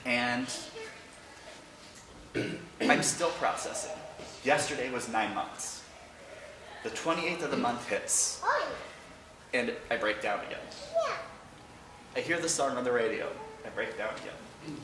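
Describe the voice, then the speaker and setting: A man's voice: medium pitch, recorded from a distance, noisy background. Man speaking in an echoey church hall. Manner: halting, emotional, with self-deprecating humor. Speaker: church member giving a remembrance. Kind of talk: personal storytelling speech. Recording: echoey hall, picked up from afar.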